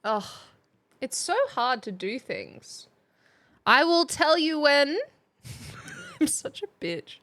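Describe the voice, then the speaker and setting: A woman's voice: sits high, wildly swooping pitch, takes it slowly, pauses often, a bit bright. A woman streaming as a playful mock substitute teacher, chatting casually and reading out viewers' names.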